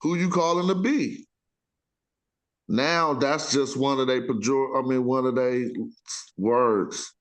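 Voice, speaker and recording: A man's voice: mid-range voice, takes it slowly, pauses often. A man hosting a casual talk show, rambling in loose street slang with frequent self-interruptions. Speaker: podcast host. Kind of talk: casual chat.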